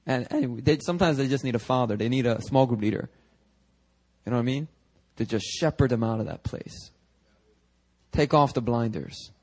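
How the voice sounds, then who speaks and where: A young male pastor preaching a casual, conversational sermon, animated and full of quick asides and restarts. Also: medium pitch. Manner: animated, chatty, frequent restarts and asides to the congregation. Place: church sanctuary.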